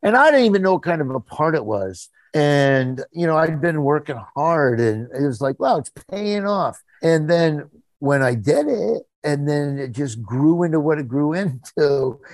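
A man's voice: on the high side, animated, normal speed, no echo. A middle-aged man being interviewed about his voice acting over a video call, folksy and enthusiastic, laughing often. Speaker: voice actor guest. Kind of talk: casual interview.

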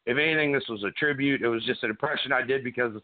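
A man's voice: medium pitch, racing, no echo. A middle-aged man, a wrestler guest, telling stories in a rambling way with many restarts and fillers. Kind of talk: casual interview chat. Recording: tinny phone-like line.

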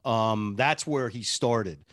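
Man, radio producer, animated storyteller, dry close mic. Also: on the low side, slow pace, no echo. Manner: animated storyteller, laughs often. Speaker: radio show producer and personality. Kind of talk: casual interview chat.

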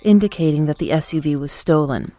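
A woman hosting a documentary podcast, telling the story in calm, measured scripted narration. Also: low voice, very noisy.

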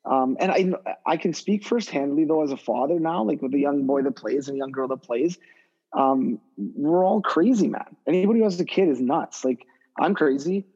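A man, a guest hockey skill development coach, talking casually on a podcast in a rambling, animated way full of fillers and restarts. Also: on the high side, moderate pace, slightly rough, dull audio.

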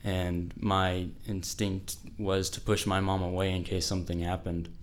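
A man's voice: deep voice, little pitch movement, unhurried. A teenage boy telling a personal story to an audience, casual and full of "like.". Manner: casual, fills speech with "like".

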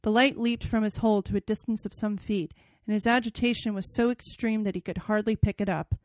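A woman's voice: mid-range voice, fairly even intonation, brisk, a little mellow, dry recording. A woman hosting a podcast, chatting casually and reading a novel passage aloud with dramatic expression. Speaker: podcast host.

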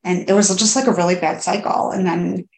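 Low gravelly woman, echoey room. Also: fairly even intonation, darkish tone. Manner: halting, many "like" fillers and restarts. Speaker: podcast guest. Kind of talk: candid personal interview.

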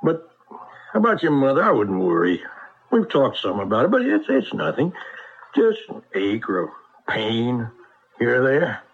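An actor playing a gentle older farmer and father in a radio drama, talking in plain, folksy rural speech that turns hesitant under pressure. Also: medium pitch, wildly swooping pitch, unhurried, vocal fry, long pauses, breathy edge, heavily acted. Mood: homespun. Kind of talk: 1970s radio drama acting. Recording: lo-fi old radio broadcast.

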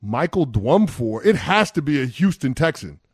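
A man co-hosting sports talk radio, animated and playfully indignant during a quiz game, close to a studio mic. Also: a little high, normal speed. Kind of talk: casual sports radio banter.

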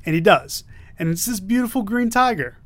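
A man co-hosting a casual chat, retelling a story in an animated, chuckling way. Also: high voice, a little fast. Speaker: podcast co-host. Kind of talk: casual chat reviewing comics.

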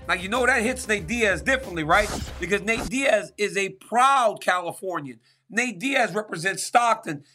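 A man's voice: high-pitched, sharp tone. A man hosting a sports talk show, answering listener questions in an emphatic monologue and often asking "right?". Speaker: show host.

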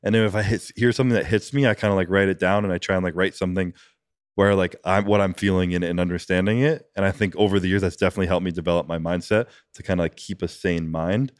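Fast-talking deep-voiced man, casual and profane. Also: fairly even intonation, dry recording, studio quality. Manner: rambling, fillers of "like", frequent swearing. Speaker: podcast guest, bodybuilding competitor. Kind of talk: casual podcast conversation.

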